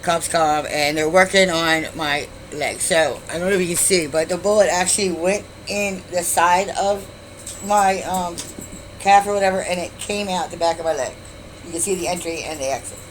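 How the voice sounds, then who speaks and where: A woman's voice: on the low side, normal speed, a little hiss or hum, rough recording. A middle-aged woman casually telling a story to her YouTube viewers, rambling and blunt, swearing freely with many asides.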